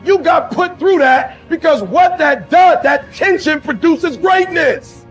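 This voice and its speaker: A man's voice: very high-pitched, expressive, takes it slowly, hardly any pauses, faint music behind. A man giving an impassioned motivational speech with a preacher-like delivery. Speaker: motivational speaker.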